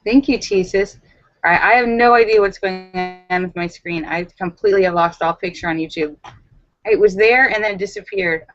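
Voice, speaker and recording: A young woman hosting a casual live stream at home, telling stories in an animated, chatty way with many fillers, on a webcam mic. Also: medium pitch, normal speed, highs cut off, soft background music.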